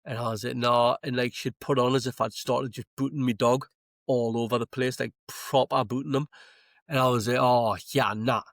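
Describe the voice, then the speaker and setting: A man's voice: mid-range voice, normal speed, dry recording, clean studio sound. A man with a Geordie accent, a stand-up comedian guesting on a podcast, telling stories in casual chat, swearing freely and acting out what people said. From Newcastle, England. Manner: swearing, animated anecdotes with acted-out quotes. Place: podcast studio.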